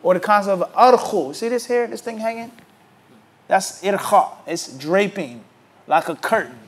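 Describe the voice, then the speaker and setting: A man teaching a religious class, emphatic and animated, who keeps asking his listeners rhetorical questions and waits for them to answer. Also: sits high, moderate pace. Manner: rhetorical questions asked to the audience. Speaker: Islamic teacher.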